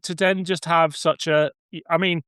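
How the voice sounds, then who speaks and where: A man, a podcast guest, chatting in a thoughtful, measured way. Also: a little high, fairly even intonation, fairly bright tone, smooth, dry recording, clean studio sound. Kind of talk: casual podcast chat.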